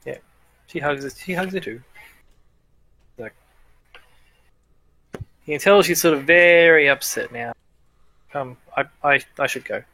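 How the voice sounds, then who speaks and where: A man's voice: a little high, slow, pauses often, pushed and bright, rough recording. A man narrating as game master in a tabletop role-playing game, easygoing and chatty, laughing often.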